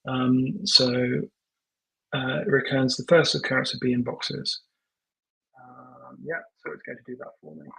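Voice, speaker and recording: A man thinking aloud while he live-codes, muttering and halting, full of ums and self-corrections, now and then dictating prompts to the computer. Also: mid-range voice, level tone, gravelly, pushed and bright, low-quality recording. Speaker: tech founder live coding.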